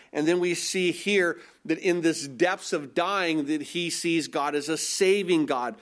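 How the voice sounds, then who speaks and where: A man preaching a sermon, reading scripture slowly and building his points to emphatic crescendos with shifting pace. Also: high-pitched, a bit bright. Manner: reads scripture slowly and deliberately.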